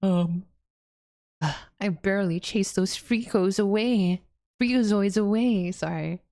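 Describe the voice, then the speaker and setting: A woman's voice: mid-range voice, takes it slowly, dark tone. A woman streamer casually playing a story game, reading its text aloud, laughing often and exclaiming at the twists. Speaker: VTuber streamer.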